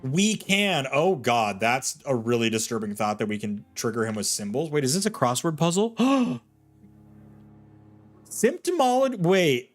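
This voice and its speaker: A man's voice: medium pitch, very animated, measured pace, soft background music. A man casually commentating a game he is playing, jokey and playful with puns. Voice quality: jokey, playful, given to puns and silly voices. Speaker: gaming streamer. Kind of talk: casual let's-play commentary.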